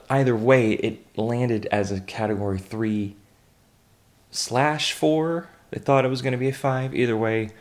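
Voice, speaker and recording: Casual man reading headlines with blunt asides. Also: fairly low pitch. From United States. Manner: reads headlines then adds blunt, offhand asides with frequent fillers and restarts. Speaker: host of a daily online news roundup. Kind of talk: casual news reading with commentary.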